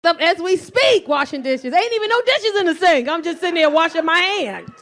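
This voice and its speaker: Brash woman comic, high voice. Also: lively intonation, fairly quick, fairly bright tone. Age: 40s. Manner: brash, crude, laughing at her own jokes. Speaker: stand-up comedian. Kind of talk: stand-up comedy storytelling.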